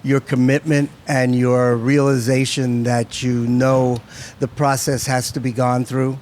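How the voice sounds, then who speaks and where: A man's voice: medium pitch, level tone, unhurried, a little mellow, a little hiss or hum. A man hosting a casual chat, dry and teasing, with hesitant restarts. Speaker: host. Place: bar set.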